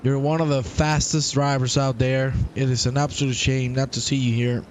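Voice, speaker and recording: A man's voice: medium pitch, moderate pace, slight background noise. A young man hosting a live sim racing stream, commentating playfully and chatting with his viewers. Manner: playful and excitable, chats with viewers.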